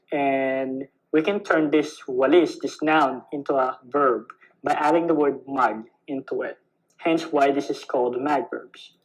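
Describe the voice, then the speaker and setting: A man's voice: a little high, rough recording. A young man giving an online language lesson, patient and repetitive, checking in with "right?" as he explains. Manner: patient, repeats key words with "right?". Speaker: language teacher.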